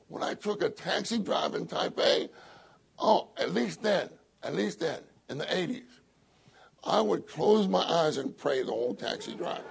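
An older man with a husky, gravelly voice, telling a humorous story in a sermon and laughing often. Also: high-pitched, darkish tone. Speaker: church speaker.

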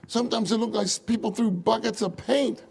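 A man preaching a sermon in an animated way, often asking the audience rhetorical questions and chuckling through his stories. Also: high-pitched, brisk, gravelly, breathy edge. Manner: chuckles often while telling anecdotes.

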